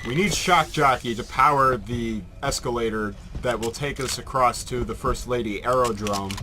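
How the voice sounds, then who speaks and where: A man's voice: medium pitch, moderate pace, sharp tone, slight background noise. A man giving casual, rambling Let's Play commentary, joking and swearing freely. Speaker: game commentator.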